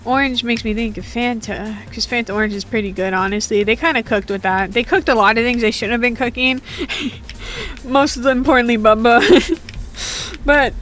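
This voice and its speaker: A woman's voice: a little high, moderate pace, a bit bright, faint music behind. A woman giving casual, joking, rambling commentary while playing a game, full of slang. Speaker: gaming streamer.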